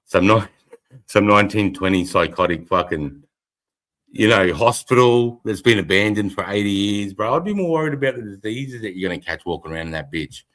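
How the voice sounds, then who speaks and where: A man's voice: on the low side, a little fast, fairly bright tone. An Australian man hosting a casual livestream, rambling and swearing freely. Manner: rambling, heavy swearing, frequent laughter. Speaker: livestream host.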